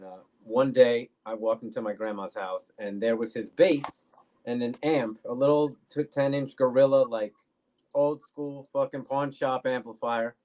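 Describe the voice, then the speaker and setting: A man in his forties, a bass player guest on a podcast, telling laid-back stories full of swearing. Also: slight background noise. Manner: laid-back, swears freely, animated anecdotes. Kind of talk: casual storytelling interview. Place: podcast studio.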